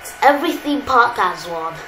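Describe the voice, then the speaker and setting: A woman's voice: fairly high pitch, lively intonation, moderate pace, a bit bright. A woman voicing a puzzled, grumbling male theme-park security guard with a made-up accent, for a game playthrough. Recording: roomy echo, faint background hiss.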